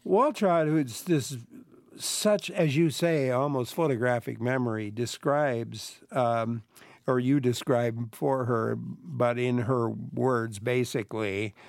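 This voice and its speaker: A man's voice: medium pitch, slow pace, creaky, dry recording, clean studio sound. A man hosting a radio call-in show, reading listener emails in a conversational way. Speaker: radio host. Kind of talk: radio interview.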